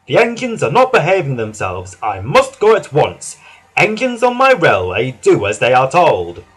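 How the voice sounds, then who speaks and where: A man voicing a stern but kind railway boss in a children's storybook reading, firm and commanding with loud exclamations. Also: a little high, wildly swooping pitch, normal speed, husky, heavily acted.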